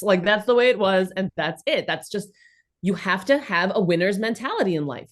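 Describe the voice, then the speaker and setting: A woman in her thirties with a New York accent, originally from the former Soviet Union, chatting as an interview guest in an animated, emphatic, blunt way. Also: medium pitch, normal speed. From former Soviet Union, raised in New York City. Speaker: guest, comedian and content creator. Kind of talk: casual interview chat.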